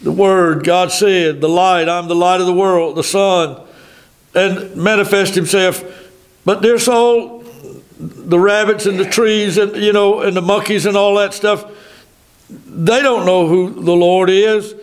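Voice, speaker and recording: An older man with a Southern American accent preaching a sermon in a folksy way, stopping for asides and reading scripture slowly. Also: sits high, steady tone. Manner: folksy, thinking aloud with asides. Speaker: pastor.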